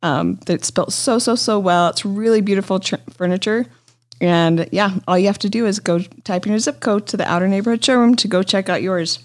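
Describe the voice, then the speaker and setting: A woman's voice: medium pitch, a little fast. A woman co-hosting an interior design podcast, talking in an upbeat, enthusiastic way. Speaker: podcast co-host. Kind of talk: casual chat.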